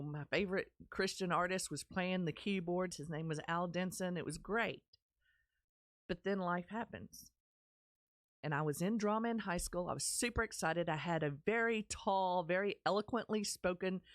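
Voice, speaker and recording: A Texan woman shares her personal story with lively, theatrical flair and playful humor. Her voice sits on the low side for a woman, and the sound is close and dry. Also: normal speed, no room sound. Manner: animated, theatrical, humorous delivery. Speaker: speaker sharing her life story.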